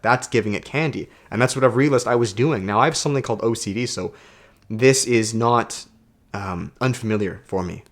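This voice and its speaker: A man's voice: mid-range voice, fairly quick. A man who coaches self-development, talking straight to his camera in a casual motivational vlog, emphatic and preachy and swearing freely.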